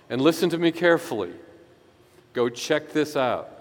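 A man delivering a sermon at an everyday pitch, earnest and emphatic, leaning on key phrases and slowing to let them land. His voice carries through a long hall reverb. It sounds like a pastor speaking in a church. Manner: earnest, emphatic preaching with slow stressed phrases.

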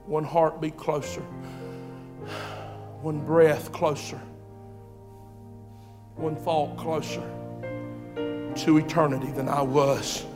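A high-voiced man preaches with urgent passion, hammering phrases over and over. He climbs to shouts and drops to near-whispers, with soft music faintly underneath. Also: little pitch movement, slow, pauses often. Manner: impassioned, repetitive, swings from shouting to hushed. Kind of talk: fiery sermon.

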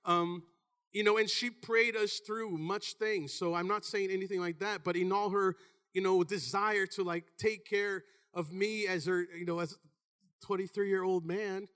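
High, bright-voiced animated male preacher. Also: a little slow, clear, resonant tone. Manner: animated, shouts in bursts, calls out "Amen?" to the congregation. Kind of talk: sermon.

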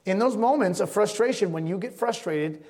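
A man preaching a sermon as pastor, telling stories in a conversational way and often dropping to a quiet voice. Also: high voice, animated, normal speed. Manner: conversational storytelling with sudden drops to quiet. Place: church sanctuary. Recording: long hall reverb.

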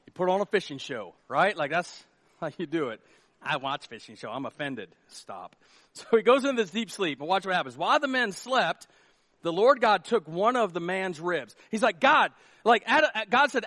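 Male pastor, high voice, dry close sound, comic, animated delivery, acts out scenes. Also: dry recording. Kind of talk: sermon.

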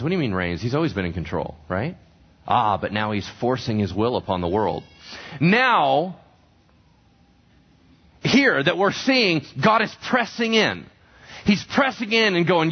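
A man's voice: medium pitch, very animated, measured pace, pauses often, husky. A man preaching a sermon as a pastor, talking conversationally and asking the congregation questions. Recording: dull lo-fi recording.

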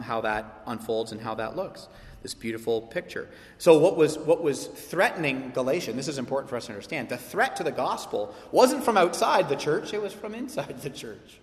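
A man's voice: mid-range voice, expressive, fairly quick. A man preaching a sermon as a pastor, passionate and emphatic, acting out quoted voices. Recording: echoey hall with long reverb.

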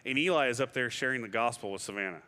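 A middle-aged man preaching a sermon, telling personal stories in an animated way and acting out what he once said. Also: mid-range voice, fast talker. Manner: animated storyteller, acts out his own past words. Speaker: guest pastor. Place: church sanctuary. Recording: long hall reverb.

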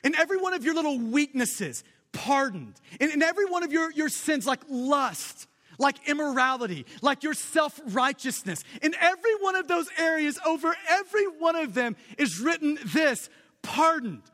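Very high-voiced male preacher in a hall. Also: lively intonation, normal speed, pushed and bright. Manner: emphatic, building lists of repeated phrases. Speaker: pastor. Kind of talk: sermon. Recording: long hall reverb.

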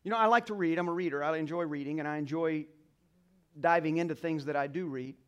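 A male pastor preaching a sermon to a congregation, leading call-and-response, swinging between quiet asides and loud exclamations. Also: on the high side, fast, clear, resonant tone, lo-fi sound. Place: church sanctuary.

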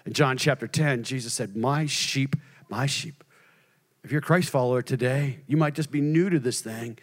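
A male pastor preaching a sermon, moving between hushed near-whispers and loud, shouted passages. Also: mid-range voice, fairly quick.

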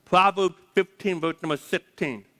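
In a large hall with long reverb, a high-pitched man preaches at normal speed with a sharp tone. As pastor, he delivers his sermon emphatically, repeating key words and leading the congregation in saying them aloud.

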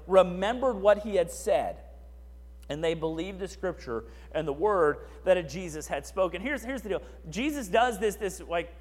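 Pastor, male, high voice, chatty sermon with asides, church hall reverb. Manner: conversational, asides and repeated "right?".

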